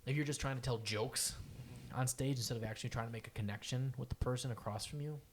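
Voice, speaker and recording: A man hosting a casual podcast, talking in a loose, profane, animated way. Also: medium pitch, fast, a little hiss or hum. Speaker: podcast host.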